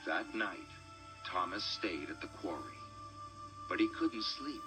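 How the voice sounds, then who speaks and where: Lively male storybook narrator. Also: sits low, slow. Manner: expressive, animated reading. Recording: music bed behind the voice.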